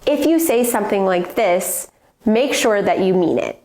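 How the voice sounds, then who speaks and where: A woman teaching English with clear, measured explanations in a scripted lesson. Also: medium pitch, animated, a little mellow. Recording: roomy echo.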